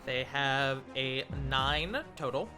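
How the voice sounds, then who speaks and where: A man narrating as game master of a live tabletop game, laid-back and quick to laugh. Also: mid-range voice, music in the background.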